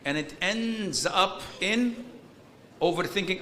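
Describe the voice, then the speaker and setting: A man giving an informal Islamic lecture, blunt and animated, with bursts of exasperated humor and Arabic religious terms in his English. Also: on the high side, unhurried, a little hiss or hum. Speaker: Islamic preacher. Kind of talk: informal lecture answering a question.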